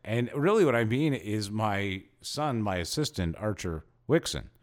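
Joking, sarcastic male co-host, low voice. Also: lively intonation, measured pace. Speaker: podcast co-host. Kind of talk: casual satirical chat.

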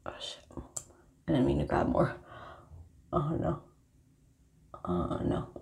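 A young woman with a low, gravelly voice speaks in a casual confessional monologue. She rambles and swears freely, leaning on filler words. Her tone is mellow and dark. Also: animated, takes it slowly, whispered. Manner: rambling, profane, heavy use of filler words. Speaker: vlogger.

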